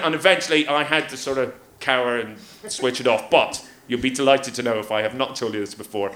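A man's voice: medium pitch, quick pace, few pauses, background noise. A man, a comedian guest, telling comic stories with lots of voices and laughter on stage. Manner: animated, acts out voices, laughs often. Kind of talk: comic storytelling. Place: theatre stage before a live audience. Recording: echoey live theatre.

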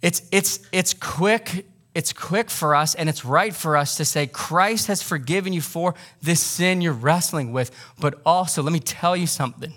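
A man's voice: on the high side, normal speed, hardly any pauses, fairly bright tone. A male pastor preaching a sermon in a loose, conversational way, joking with the congregation and pressing his points with emphasis.

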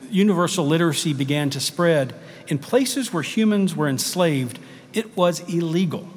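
Reflective male pastor in a reverberant church. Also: fairly high pitch. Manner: reflective, personal storytelling. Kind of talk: sermon. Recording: long reverb of a church hall.

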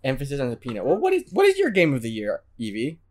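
A man's voice: medium pitch, huge pitch swings, quick pace. A man co-hosting a podcast, chatting casually with playful, giggly banter. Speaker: podcast co-host. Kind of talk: casual chat.

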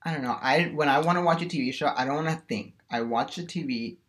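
A man's voice: a little high, fast talker, fairly bright tone. A young adult man co-hosting a casual chat podcast, rambling through strong opinions with lots of "like" fillers. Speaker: podcast co-host.

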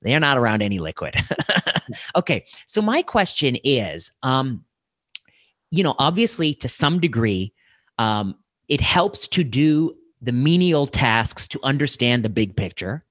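A man hosting a relaxed chat. His pitch swings up and down as he talks, with lots of "um"s and restarts. The sound is dry and close. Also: unhurried, no room sound. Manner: animated, many fillers and restarts. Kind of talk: casual conversation.

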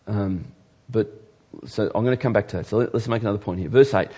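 A man preaching a sermon as pastor, swinging from loud emphasis to hushed, earnest asides. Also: on the low side, fast, breathy edge.

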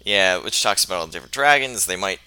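A man's voice: low voice, lively intonation, fast, a crowd in the background. A man in casual chat about a video game, laid-back, laughing as he argues his point.

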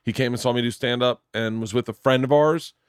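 A middle-aged man from Florida, a podcast host telling animated stories in casual chat and acting out the quotes. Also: mid-range voice, brisk, clear, resonant tone, no echo, studio quality. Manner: animated storyteller, acts out quotes, swears freely.

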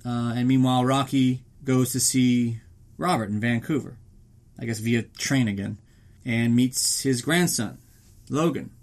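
A man's voice: medium pitch, measured pace. A man hosting a podcast, recapping a film in a casual, profane and sarcastic way, often slipping into silly voices. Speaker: podcast host.

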